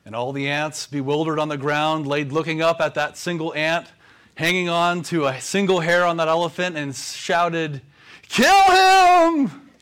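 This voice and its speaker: A man, a pastor, preaching a sermon with measured pauses. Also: fairly high pitch, fairly even intonation, fairly bright tone, smooth.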